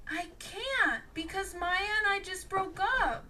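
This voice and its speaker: A woman's voice: very high-pitched, lively intonation, slow, sharp tone, distant mic, voice pushed up, exaggerated voice. A woman voicing a young man who pleads earnestly. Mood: pleading.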